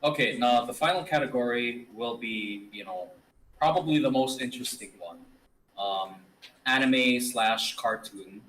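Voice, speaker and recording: A man's voice: mid-range voice, measured pace, fairly bright tone. A man co-hosting a casual podcast chat, easygoing and chuckling as he tells stories. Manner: easygoing, laughs while telling stories. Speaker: co-host. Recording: distant from the mic.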